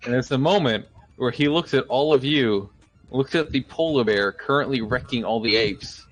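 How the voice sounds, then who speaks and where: A man's voice: medium pitch, moderate pace. A man narrating as dungeon master in a loose, chuckling way, swearing casually now and then. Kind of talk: narrating a tabletop game.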